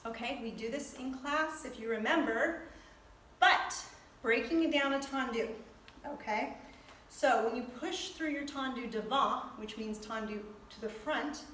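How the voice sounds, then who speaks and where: A woman teaching ballet terms, talking slowly, repeating each term while she demonstrates in a dance studio. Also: fairly high pitch, a bit bright, a little hiss or hum. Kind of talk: ballet lesson. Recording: echoey room from a distance.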